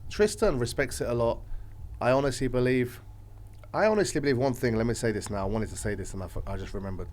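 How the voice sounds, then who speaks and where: A man chatting casually as a podcast guest, telling stories in a rambling, animated way, his voice swinging from loud to quiet. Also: medium pitch, fast talker. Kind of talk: casual chat.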